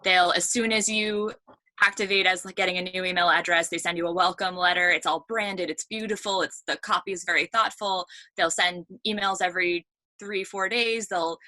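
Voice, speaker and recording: A woman's voice: on the low side, fairly even intonation, moderate pace, bright, forceful tone, no room sound. A woman, a marketing leader, talking casually as a podcast guest and laughing easily. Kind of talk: casual interview chat.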